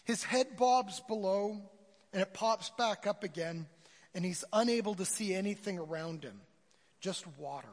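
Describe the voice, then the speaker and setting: A man's voice: high-pitched, normal speed. A man preaching a sermon to a congregation, retelling a story with a storyteller's flair. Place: church sanctuary. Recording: church hall reverb.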